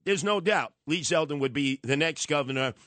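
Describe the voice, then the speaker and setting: A man hosts a talk radio show, firing off sarcastic, animated opinions. His voice runs a little high for a man. The sound is dry and close to the mic. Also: moderate pace, no echo.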